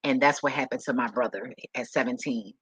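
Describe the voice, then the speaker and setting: A woman's voice: a bass voice, brisk, fairly bright tone, husky, no echo, rough recording. A woman vlogger telling personal stories straight to the camera, frank and full of swearing, who repeats words when she gets emotional. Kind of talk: candid personal storytelling to camera.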